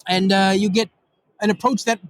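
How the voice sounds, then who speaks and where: A man guest giving a casual technical demo, excitable and rambling with lots of fillers. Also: high-pitched, moderate pace, a little hiss or hum, low-quality recording. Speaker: guest developer demonstrating software. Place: recorded in Europe.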